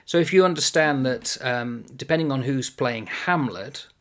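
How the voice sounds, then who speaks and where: A man's voice: medium pitch, moderate pace, fairly bright tone. A man casually explaining a classic play for a book review video, thoughtful and meandering, often correcting himself as he goes.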